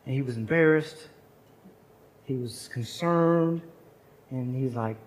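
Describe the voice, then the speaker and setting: A man's voice: medium pitch, measured pace, long pauses, slight background noise, rough recording. A man in his forties preaching at a chapel service, telling a personal story and acting out the voices of the people in it. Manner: storytelling, acts out quoted voices. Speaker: chapel speaker. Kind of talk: sermon story.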